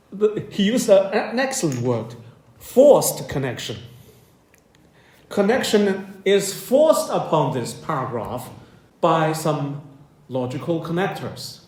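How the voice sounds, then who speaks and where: A man teaching university students a writing class, speaking in a measured way, repeating and rephrasing his points and checking in with "okay?". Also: fairly high pitch, a little mellow. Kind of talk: classroom lecture. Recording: echoey classroom.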